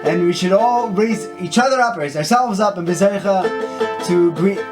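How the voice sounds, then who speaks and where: This high-pitched man, a Torah teacher and singer, talks at a moderate pace through a short, informal Torah story and lesson. Hebrew and Yiddish expressions pepper his speech, and guitar music plays in the background.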